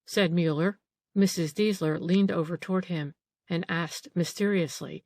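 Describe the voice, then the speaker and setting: Female audiobook narrator, lowish, measured, dry booth sound. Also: darkish tone, no echo. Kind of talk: scripted narration.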